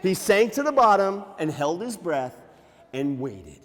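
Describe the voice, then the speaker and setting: A man working as a nature museum storyteller, telling an animated, playful tale to children with sound effects. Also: high voice, measured pace. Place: library room. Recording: echoey hall.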